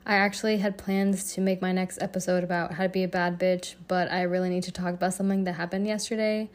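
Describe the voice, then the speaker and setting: A woman hosting her own podcast, telling a story in a casual, profane and animated way with frequent laughter. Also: lowish voice, fast. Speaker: podcast host.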